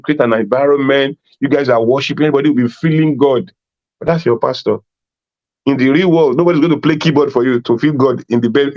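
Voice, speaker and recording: A man's voice: medium pitch, a little mellow. A man from Nigeria giving an emphatic preaching talk to a youth conference, repeating phrases and acting out little dialogues. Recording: dull lo-fi sound.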